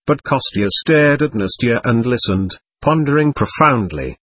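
Husky man narrating a novel expressively. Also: mid-range voice, no echo. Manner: measured, expressive storytelling. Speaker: audiobook narrator. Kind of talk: scripted narration.

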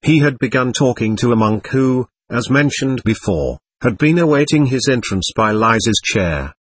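A man narrating a classic novel as an audiobook, reading in a measured, expressive way. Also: medium pitch, breathy edge.

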